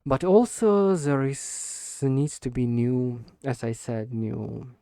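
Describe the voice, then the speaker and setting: Hesitant, gravelly-voiced man practicing English. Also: medium pitch, steady tone, warm tone, no echo, studio quality. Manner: hesitant, repeats and restarts words while searching for them; deliberately slow with stressed words. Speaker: English learner recording speaking practice. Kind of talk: unscripted speaking practice monologue.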